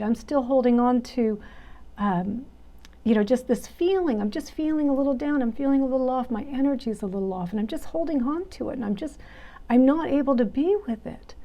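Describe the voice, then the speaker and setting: A woman teaching a meditation class in a conversational way, often checking in with "right?" and dropping into soft, soothing asides. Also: high voice, normal speed.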